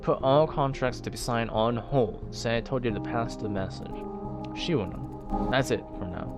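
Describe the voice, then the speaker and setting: An actor playing a calm male office supervisor who gives instructions and reassurance, over loud game music. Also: medium pitch, normal speed, lightly acted. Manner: steady, reassuring, businesslike.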